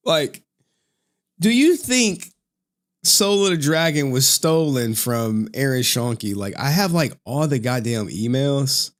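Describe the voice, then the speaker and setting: A man's voice: mid-range voice, expressive, slow, pauses often. A young man hosting a casual late-night stream, tired from no sleep, rambling, swearing and laughing often. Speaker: streamer host.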